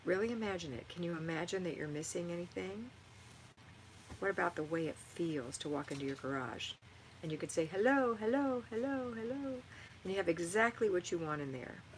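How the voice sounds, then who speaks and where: Encouraging middle-aged woman, low voice. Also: brisk, slight background noise, rough recording. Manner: encouraging, motherly, reads comments aloud. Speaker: livestream host answering viewer chat. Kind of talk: live-stream chat and home advice.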